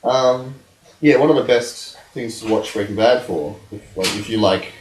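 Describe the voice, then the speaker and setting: A man's voice: fairly low pitch, normal speed, a little mellow, a little hiss or hum. A man in his twenties hosting a casual podcast chat, joking and laughing often. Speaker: podcast host. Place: home room. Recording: echoey room.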